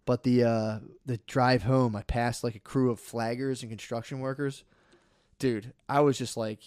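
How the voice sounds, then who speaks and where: A man co-hosting a podcast in casual chat, animated and swearing, acting out his own thoughts as he tells stories. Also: medium pitch, normal speed, clean tone, no echo, studio quality. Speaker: podcast co-host.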